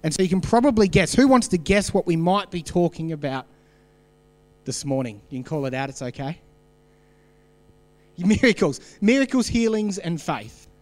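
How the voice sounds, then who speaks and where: Man, Australian accent, pastor, conversational sermon, questions to the congregation, slightly high pitch, faint hum. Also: fairly quick, long reverb tail.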